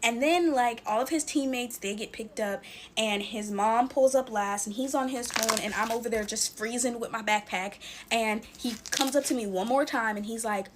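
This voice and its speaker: A woman's voice: fairly high pitch, normal speed, slight background noise. A woman in her twenties chatting through a casual storytime while playing with slime, full of fillers and talking to viewers as y'all. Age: 20s. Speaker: TikTok storyteller.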